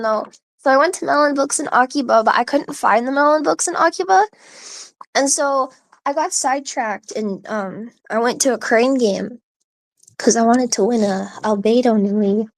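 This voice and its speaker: A woman's voice: on the high side, normal speed, no room sound. A woman hosting a live audio stream, chatting casually in a rambling, giggly way full of "like" and restarts, with hiccups. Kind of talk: casual chat.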